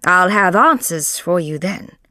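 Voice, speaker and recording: A woman voicing a calm, clever male detective in a slow storybook reading, measured and low-keyed. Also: no echo, studio quality.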